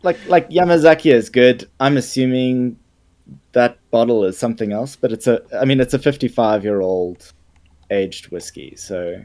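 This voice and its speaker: A man co-hosting a podcast, sharing news items with many ums and pauses. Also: mid-range voice. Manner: hesitant with many ums, warming up to enthusiasm. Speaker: podcast co-host. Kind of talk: casual news chat.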